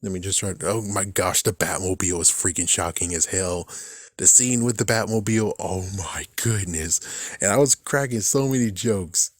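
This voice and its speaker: A young man talking casually about a movie he watched, animated and loose, swearing often and laughing at his own jokes. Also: deep voice, normal speed, no room sound, clean studio sound. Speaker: movie commentary vlogger. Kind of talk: casual rambling movie talk.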